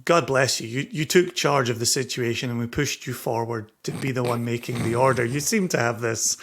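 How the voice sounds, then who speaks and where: A man's voice: mid-range voice, brisk, fairly bright tone, breathy edge. A man co-hosting a podcast in casual chat, teasing his co-host while reminiscing and chuckling.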